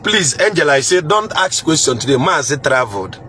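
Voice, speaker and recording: A playful man with a Nigerian accent chats live with his viewers, chuckling, repeating his words and trying out greetings. His voice sits a little high. Faint traffic noise hums behind him. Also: big pitch swings, a little fast, sharp tone. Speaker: livestream host reading viewer comments. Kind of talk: casual live chat.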